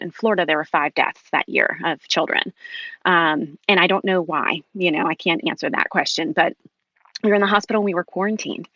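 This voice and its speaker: A woman guest on a podcast, telling an emotional personal story with many pauses and ums. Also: lowish voice, fairly bright tone, no room sound, dull audio.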